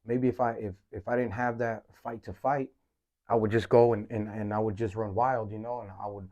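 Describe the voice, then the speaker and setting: A man with a lowish, mellow voice talks candidly as a podcast host. He speaks haltingly, restarting phrases and tucking in "man" and "you know". The recording sounds a little dull and muffled. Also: little pitch movement. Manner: halting, repeats words, says "man" often. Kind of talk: candid personal monologue.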